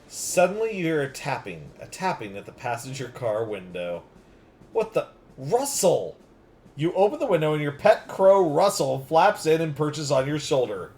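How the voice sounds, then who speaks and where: Animated streamer reading out a game, faint music underneath. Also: male voice, mid-range voice, normal speed. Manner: playful, animated. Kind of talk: casual game reading and commentary.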